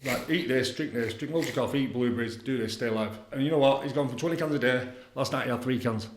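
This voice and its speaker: A man's voice: medium pitch, brisk. A man, an addiction counsellor, talking bluntly and boastfully in a podcast chat, swearing freely. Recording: echoey room.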